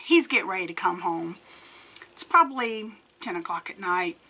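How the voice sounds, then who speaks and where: Woman, 40s, storytime vlogger; lively, acts out the dialogue, tense bright tone. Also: lowish voice, normal speed, husky. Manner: animated, acts out quoted dialogue, laughs often. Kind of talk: casual paranormal storytime.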